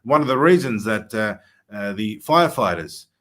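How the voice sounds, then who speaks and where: Low-voiced man hosting commentary. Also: animated, fairly bright tone. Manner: earnest, emphatic, frequent "uh" pauses. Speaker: host. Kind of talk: political commentary chat.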